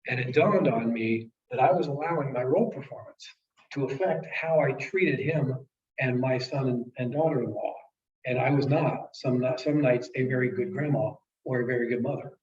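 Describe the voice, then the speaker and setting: A man's voice: mid-range voice, moderate pace, a little mellow. A man in his late fifties, a sales trainer telling an emotional story to a class in an earnest way. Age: 50s. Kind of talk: storytelling presentation. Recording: echoey, distant, dull room sound.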